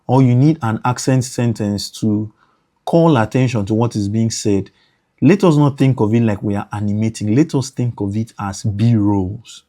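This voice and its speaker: A man's voice: fairly low pitch, moderate pace, warm tone. A man teaching motion design for editors in a screen-recorded tutorial, repeating points and thinking aloud as he works.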